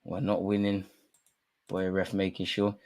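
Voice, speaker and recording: Animated streamer ranting at the referee. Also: male voice, low-pitched, unhurried, vocal fry. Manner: street slang. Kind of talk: live football watch-along commentary.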